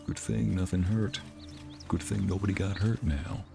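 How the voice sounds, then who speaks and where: A young man with a lowish voice commentates his game session. His tone is loose and joking, and he chats with his viewers between moments of play. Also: steady tone, normal speed, gravelly, music in the background. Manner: joking, chatty, talks to chat. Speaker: let's play host. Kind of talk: casual gameplay commentary.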